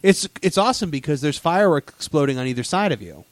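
A man's voice: fairly high pitch, lively intonation, fast, dry recording. A man hosting a casual theme-park chat, telling stories eagerly with many fillers and restarts. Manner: enthusiastic storyteller, lots of fillers and restarts.

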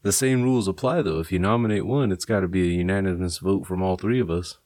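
A laid-back young man hosting a podcast, talking casually with plenty of swearing and laughter. His voice sits low, and the sound is close and dry. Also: fast, darkish tone, no room sound. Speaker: podcast host.

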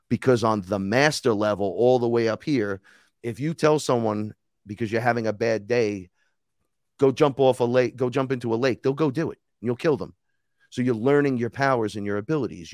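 A man's voice: on the low side, no echo, clean studio sound. A man, a guest on an interview podcast, telling a long personal story in casual, profane language and acting out the dialogue. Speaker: podcast guest, rapper and shaman.

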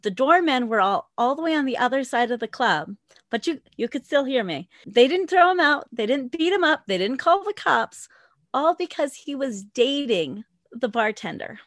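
Interview guest, woman in her forties, high voice, dry close sound, loud animated storyteller who laughs a lot. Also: normal speed, no echo. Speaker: guest, former dancer with a podcast.

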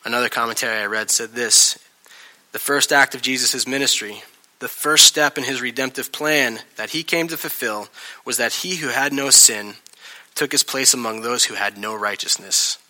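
Bright, animated male preacher. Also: mid-range voice, normal speed. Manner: animated, acts out scenes with shifting voices; casual, chatty delivery with laughs. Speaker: pastor. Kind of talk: sermon.

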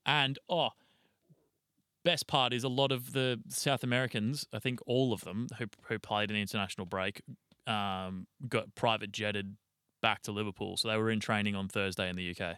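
A man's voice: on the low side, steady tone, moderate pace, sharp tone, clear, resonant tone, dry recording, clean studio sound. A young man, co-hosting a casual sports podcast and rambling through team news with casual swearing. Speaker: podcast co-host.

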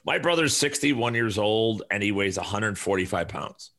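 A man in his forties hosting a podcast, talking casually in a profane, rambling way and telling animated stories. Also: on the low side, moderate pace. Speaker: podcast host.

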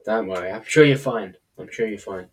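A man's voice: lowish voice, brisk, husky. A man co-hosting a podcast, giving short, easygoing replies. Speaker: podcast co-host. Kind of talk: casual chat.

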